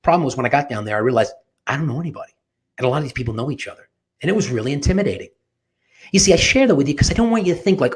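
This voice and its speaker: A man coaching on sales and networking in an energetic, emphatic motivational talk, often restarting his sentences. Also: fairly high pitch, rapid-fire, slightly rough.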